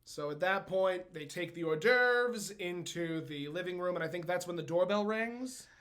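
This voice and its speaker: A man's voice: high-pitched, animated, normal speed, fairly bright tone. A man co-hosting a podcast, casually retelling a sitcom episode scene by scene. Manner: storytelling, walks through scenes step by step. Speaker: podcast co-host.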